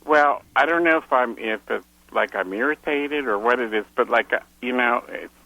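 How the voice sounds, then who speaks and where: A man's voice: medium pitch, normal speed, vocal fry, sharp tone, no room sound, low-quality recording. A man calling into an advice show, answering hesitantly with many ums. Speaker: caller. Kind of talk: call-in phone conversation.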